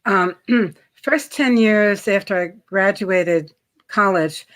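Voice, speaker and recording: A middle-aged woman from New York with a New York accent, a guest chatting casually about credit, often pausing with ums and clearing her throat. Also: mid-range voice, fairly bright tone. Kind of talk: casual interview chat.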